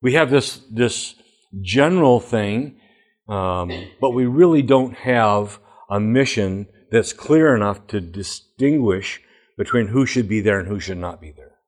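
Ex-principal guy giving a talk, lowish voice, tells stories, leans hard on his points. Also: expressive, measured pace. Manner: storytelling, emphatic, plain-spoken. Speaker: education speaker, former school principal. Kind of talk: presentation with anecdotes.

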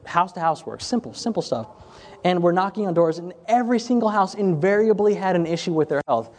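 A man's voice: high-pitched, lively intonation, fairly quick, darkish tone. A man giving an informal health ministry talk to a group, telling stories in a conversational way and often repeating and restarting phrases. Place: room with chairs before a group. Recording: long hall reverb.

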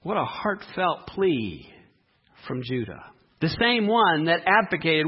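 A man preaching a sermon, reading scripture dramatically and speaking with emphasis and long pauses. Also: on the high side, sing-song, slightly rough, muffled recording. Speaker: pastor.

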